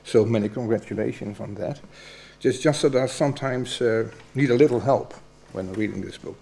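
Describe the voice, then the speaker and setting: A man questioning a doctoral candidate as examiner, halting and hesitant with many fillers. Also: medium pitch, gravelly, mellow. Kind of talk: formal academic questioning.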